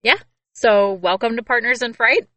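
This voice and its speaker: Bright voiced woman cohost, casual rambly chat, dry close mic. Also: a little high, normal speed, dry recording. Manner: chatty, lots of "like" and "um". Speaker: podcast co-host. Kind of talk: casual movie review chat.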